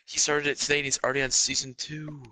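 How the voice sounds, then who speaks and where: A man's voice: on the high side, little pitch movement, fast, bright, forceful tone. A young man chatting casually with a friend during a game stream, grumbling and gossiping. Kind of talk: casual chat.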